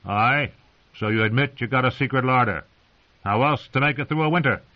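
A man's voice: mid-range voice, fairly quick, close to an everyday voice. Man doing a coarse, brutal ranger. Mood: scheming. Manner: coarse rustic speech. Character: rough brutal male ranger, mocking. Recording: dull lo-fi audio.

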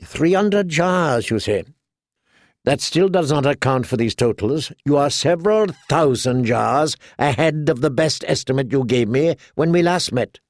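A man's voice: a little high, expressive, a little slow, no echo. A man reading an audiobook, voicing a blunt, sardonic lord who speaks dryly. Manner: dry and blunt.

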